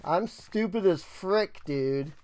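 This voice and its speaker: Slow-talking rambling American gamer. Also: medium pitch, animated, darkish tone, a little hiss or hum. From United States. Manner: ranting, self-mocking, peppered with mild swears. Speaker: gaming streamer. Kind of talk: casual rambling commentary.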